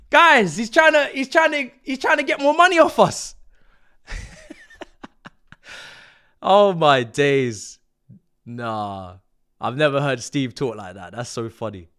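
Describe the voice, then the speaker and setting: A young man hosting a live football watch-along, his voice climbing very high when he yells at the screen. His tone is bright and sharp, with lively swings in pitch. Between bursts he draws his words out slowly. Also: clear, resonant tone. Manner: excitable, yelling and exclaiming at the match. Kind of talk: live reaction commentary.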